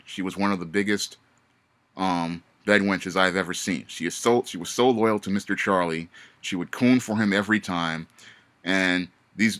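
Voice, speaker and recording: A man with a fairly low voice talks straight to camera in a casual monologue. He hammers each point with repeated warnings and frequent restarts. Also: bright, forceful tone. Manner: emphatic, repetitive warnings with many restarts. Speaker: vlogger.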